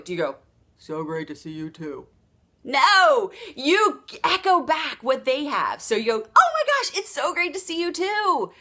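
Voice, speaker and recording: A woman giving a motivational sales training talk, acting out quoted dialogue with lively energy. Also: fairly high pitch. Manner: animated, acts out quoted dialogue. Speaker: sales coach.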